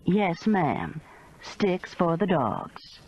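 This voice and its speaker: A woman voicing a calm, businesslike emergency operator in a storybook reading. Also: lowish voice, very slow, husky, dull audio, exaggerated voice.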